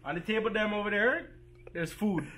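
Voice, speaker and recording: A man's voice: high voice, a little fast, a bit bright. A man giving a playful tour of a church volunteer room, hamming it up in an exaggerated put-on accent with broken grammar, recorded indoors on a handheld pocket camera. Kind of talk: joking casual tour. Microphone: handheld pocket camera mic.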